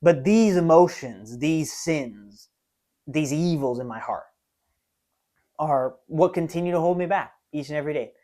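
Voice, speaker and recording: A man's voice: on the high side, unhurried, warm tone. A man of twenty hosting a solo podcast, talking earnestly and self-reflectively, often tagging his thoughts with "right?". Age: 20s. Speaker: podcast host. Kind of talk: solo confessional monologue.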